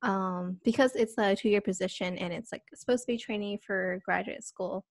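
A woman's voice: mid-range voice, normal speed, no room sound, studio quality. A young woman hosting a podcast, talking hesitantly with many fillers and self-corrections. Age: young adult. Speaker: podcast host. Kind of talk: casual podcast chat.

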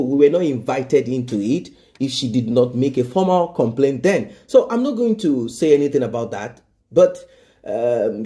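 A man's voice: a little high, warm tone. A man giving emphatic news commentary, stressing points by repeating them and asking rhetorical questions.

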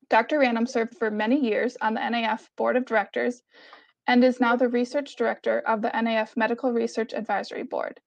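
A woman presenting an award, reading the citation in a formal, steady way. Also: fairly high pitch, no room sound.

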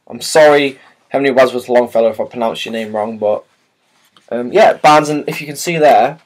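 A man's voice: mid-range voice, moderate pace. A man chatting casually and hesitantly as he unboxes and shows a new book, with many fillers and restarts. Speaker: vlogger.

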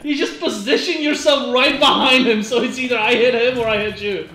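A streamer in loud, excitable live gameplay chat, laughing and swearing often. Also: medium pitch, a little fast, roomy sound.

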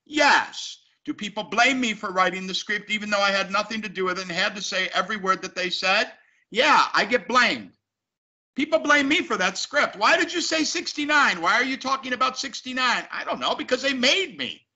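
A man's voice: high-pitched, animated, normal speed, bright, forceful tone. A man, an actor, talking emphatically and animatedly as an interview guest. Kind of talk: casual interview talk. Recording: dull lo-fi sound.

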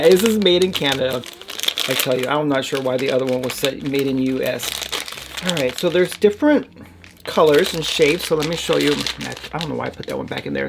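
A woman from the United States casually chatting while she tastes snacks, talking with her mouth full and humming mm between bites. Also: rumbling low. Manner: chatty, talks while chewing, lots of mm sounds. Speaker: vlogger. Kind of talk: casual snack unboxing and tasting chat. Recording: noisy with wrapper crinkling.

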